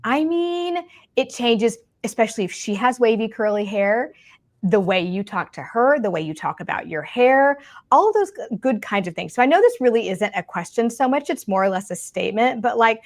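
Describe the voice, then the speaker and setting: A woman's voice: fairly high pitch, lively intonation, moderate pace, dry recording. A woman, co-hosting a casual podcast about curly hair, chatty and full of asides. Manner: chatty, warm-hearted, lots of fillers and asides.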